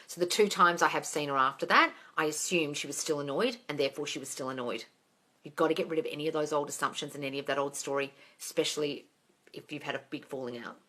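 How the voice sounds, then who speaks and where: A woman's voice: deep voice, a bit bright. A woman answering viewer questions on a live stream as a manifesting coach, blunt and sweary, calling viewers darling. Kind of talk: livestream Q&A.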